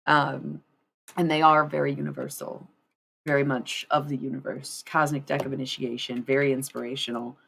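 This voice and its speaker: Doing a tarot reading on a live stream, a young woman rambles casually to her viewers, laughing a lot and swearing freely. Her bass voice is flat, fairly bright and full of vocal fry at a moderate pace, with a little background noise.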